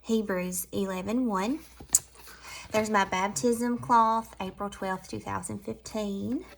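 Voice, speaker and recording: A Southern woman chats through a casual tour of her spring decorating at home. Her pitch is mid-range and her tone is affectionate and easygoing. She wanders between hushed, tender asides and brighter, more excited comments. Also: slow, creaky, a little hiss or hum. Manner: chatty and affectionate, drifting between soft and lively.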